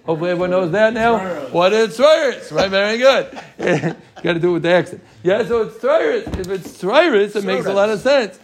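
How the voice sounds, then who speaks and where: Man, high-pitched, leading a Talmud class; quick rhetorical questions, joking with students. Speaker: Talmud teacher.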